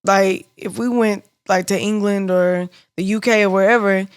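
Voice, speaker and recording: A woman's voice: mid-range voice, fairly even intonation, moderate pace, smooth. A woman co-hosting a casual podcast, chatty and full of "like", laughing often. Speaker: podcast co-host.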